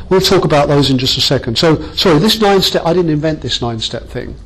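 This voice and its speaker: A man's voice: a little high, husky, poor audio. A man leading a workshop training session, chatty and self-mocking as he jokes with the group.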